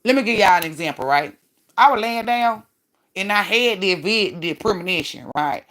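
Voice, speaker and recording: A man's voice: high-pitched, lively intonation, moderate pace, pushed and bright. A man hosting a spiritual livestream, preaching in a profane, rambling way. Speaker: livestream host.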